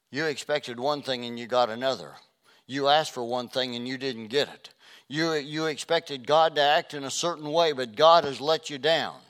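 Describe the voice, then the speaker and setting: A man preaching a sermon as a pastor, passionate and swinging between loud and hushed delivery. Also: medium pitch, clear, resonant tone.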